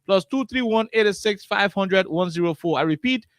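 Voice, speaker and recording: High-voiced radio host, brisk. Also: male voice, animated, fairly bright tone, no room sound. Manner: brisk, repeats phrases. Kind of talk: call-in radio hosting.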